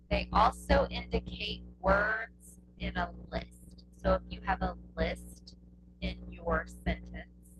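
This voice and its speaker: A woman teaches a test prep lesson in an unhurried, patient way. She goes over each point more than once and checks in with her listeners. Steady hum and noise sit under her voice. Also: mid-range voice, creaky. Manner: slow, patient, repeats points with checking "okay?". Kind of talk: classroom lesson explaining punctuation.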